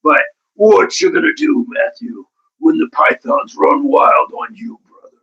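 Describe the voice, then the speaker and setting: A man doing an impression of a loud, swaggering wrestler, gruff and bellowing as he stretches the words. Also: very high voice, lively intonation, unhurried, recorded from a distance, highs cut off, voice pushed up, exaggerated voice. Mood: hyped.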